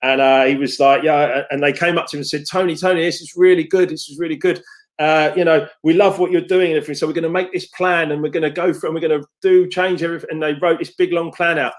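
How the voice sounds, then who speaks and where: A man's voice: on the high side, steady tone, quick pace. A man, a success coach talking casually on a live stream, reading out viewer comments and calling people mate. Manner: upbeat, chatty, calls viewers mate.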